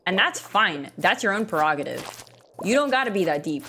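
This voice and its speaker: A young woman gaming streamer offers casual commentary while playing a farming game, joking, rambling, and putting herself down. Her medium-pitched voice is very animated with a sharp tone at normal speed, and there's slight background noise.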